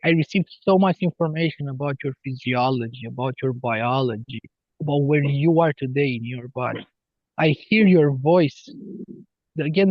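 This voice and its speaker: A man talking as a healer guest on a podcast, slow and earnest as he explains spiritual ideas. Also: on the high side, dry recording, highs cut off. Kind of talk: podcast interview.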